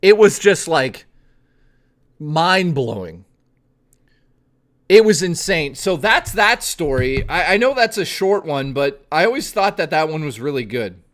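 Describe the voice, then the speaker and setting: A man streaming, telling a personal story in a casual, animated and profane way, often swearing that it is true. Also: fairly high pitch, a little slow.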